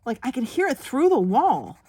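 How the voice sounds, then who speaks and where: A woman's voice: high voice, moderate pace, breathy edge. Chatty woman telling a rambling story. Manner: animated, rambling anecdote with many fillers and acted-out quotes; drops to a whisper for asides while working. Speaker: coloring channel host. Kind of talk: chatty storytelling while coloring.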